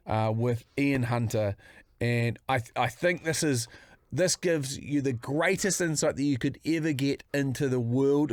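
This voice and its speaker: A man speaks enthusiastically while introducing a guest, swearing freely. His mid-pitched voice is recorded close and dry. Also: no room sound. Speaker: podcast co-host. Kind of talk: casual podcast introduction.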